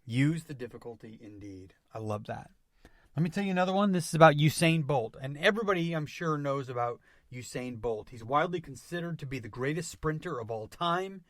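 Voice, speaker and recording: A man hosting a motivational podcast, speaking with energetic emphasis and returning to catchphrases again and again. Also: a little high, fairly quick, no room sound, clean studio sound. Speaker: podcast host.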